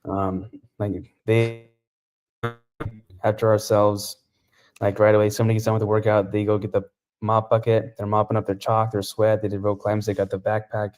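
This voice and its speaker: Flat-voiced man, casual podcast guest. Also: on the low side. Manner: relaxed, halting with many fillers. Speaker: CrossFit athlete, podcast guest. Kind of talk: casual interview chat.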